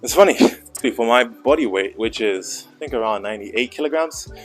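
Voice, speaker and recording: A man's voice: medium pitch, lively intonation, moderate pace. Young man vlogging from an indoor gym, slightly winded, joking, coaching asides. Mid-range voice, faint music in the background. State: out of breath between sets. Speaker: fitness vlogger. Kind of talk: casual vlog commentary.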